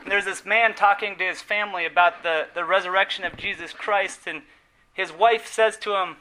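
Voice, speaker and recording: A man delivers a sermon with a high, strikingly bright and forceful voice. He preaches earnestly and with emphasis, slowing on key words. His phrase endings drop away softly. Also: steady tone, slight background noise, rough recording.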